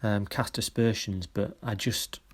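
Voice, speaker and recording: A man with a fairly low voice talks through students' photographs as a workshop leader. He is encouraging and warm in his praise. He stops often to search for the right word. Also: steady tone. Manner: encouraging, halting with many pauses. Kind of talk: recorded feedback on students' photos.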